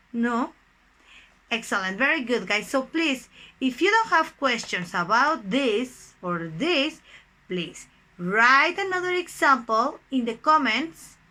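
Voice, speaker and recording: Speaking English with a Mexican Spanish accent, this young woman, whose native language is Spanish, teaches grammar online at a slow, deliberate pace and keeps saying "guys" to the class. Her fairly high voice sounds pushed and bright on a low-quality recording.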